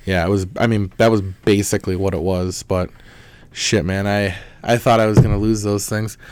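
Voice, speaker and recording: A man's voice: on the low side, normal speed, smooth, no echo. A young man hosting a podcast, telling rambling, profane stories in casual chat. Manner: rambling, profane storytelling with lively quoted voices. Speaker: podcast host.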